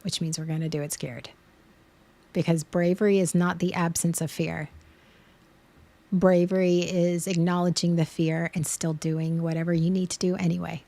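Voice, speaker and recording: A woman's voice: on the low side, flat delivery, moderate pace, gravelly, warm tone. A woman in her thirties, streaming and talking earnestly and openly, a parent speaking in a vulnerable way about fear. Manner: earnest, vulnerable, tearful at times. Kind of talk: emotional casual chat.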